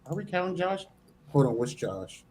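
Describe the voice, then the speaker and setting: A man's voice: fairly high pitch, sing-song, moderate pace, a crowd in the background, rough recording. A man co-hosting a live stream, chatting playfully about football with slangy, emphatic remarks. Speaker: podcast co-host. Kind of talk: casual live-stream sports chat.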